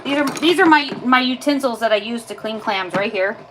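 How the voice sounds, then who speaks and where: Woman, livestream host, chatty, explaining as she works, phone recording, clear background noise. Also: on the high side, a little fast. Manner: chatty, explaining while working with her hands. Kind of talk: casual live demonstration.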